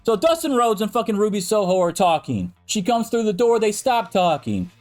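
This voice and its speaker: High-pitched male podcast co-host, heated, cursing ranter, emphatic delivery. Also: big pitch swings, moderate pace, darkish tone, soft background music. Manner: ranting, profane, emphatic. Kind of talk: heated debate.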